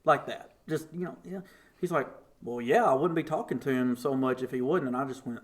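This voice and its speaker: A young man, a podcast guest telling a story casually and acting out the voices in it. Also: a little fast. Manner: animated, acts out quotes with big pitch jumps.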